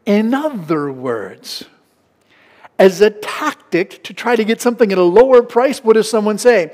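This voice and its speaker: A man's voice: high voice, sing-song, measured pace, a little mellow, long reverb tail. A man preaching a sermon as a pastor, mixing English with local Filipino phrases and acting out market haggling. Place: church hall.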